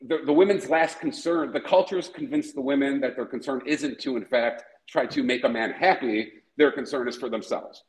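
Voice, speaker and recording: A man's voice: medium pitch, fairly quick, hardly any pauses, echoey room, poor audio. A man hosting a podcast in casual chat, profane and rambling, often breaking into laughter. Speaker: podcast host.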